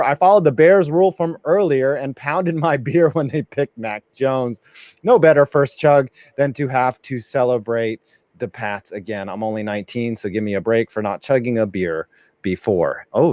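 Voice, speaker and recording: Male streamer host, mid pitch, jokey, reads viewer messages; dry sound. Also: normal speed, darkish tone, no echo. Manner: joking, reading viewer messages aloud. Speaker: livestream host. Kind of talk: casual live reaction chat.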